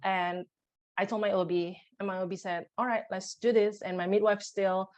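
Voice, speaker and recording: Woman telling a raw, halting story. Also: medium pitch, fairly even intonation, darkish tone. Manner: emotional, halting storytelling with restarts. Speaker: podcast guest. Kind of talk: personal birth story in conversation.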